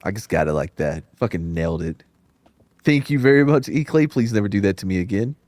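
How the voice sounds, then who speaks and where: Joking podcast host, man, lively. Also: on the low side, brisk, no echo. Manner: joking, reads out viewer tips. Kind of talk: casual chat.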